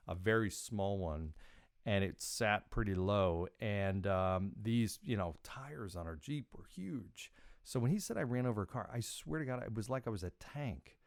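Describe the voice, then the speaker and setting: Animated man telling a story. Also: dry recording, studio quality. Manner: animated, quotes himself with big pitch jumps. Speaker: podcast host. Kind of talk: casual storytelling monologue.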